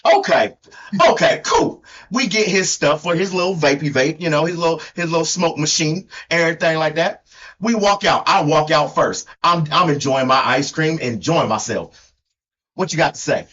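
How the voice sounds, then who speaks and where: A man's voice: a little high, moderate pace, sharp tone. A man putting on a hollering country cowboy. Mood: rowdy. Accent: put-on Southern US country. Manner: boisterous, hollering, crude folksy drawl. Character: rowdy drawling country cowboy storyteller, male adult. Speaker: co-host. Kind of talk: comedic improvised storytelling. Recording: dull lo-fi recording.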